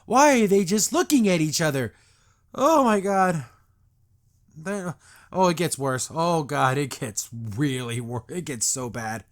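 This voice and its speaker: A man's voice: on the high side, animated, measured pace. A man hosting a podcast, recapping and reacting to a cartoon episode in a sarcastic, exasperated rant.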